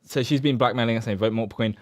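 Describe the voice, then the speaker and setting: A man's voice: mid-range voice, steady tone, fast. A young man co-hosting a podcast, chatting casually and rambling about films. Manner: chatty, rambling, slips into silly impressions. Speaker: podcast co-host. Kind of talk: casual film review chat.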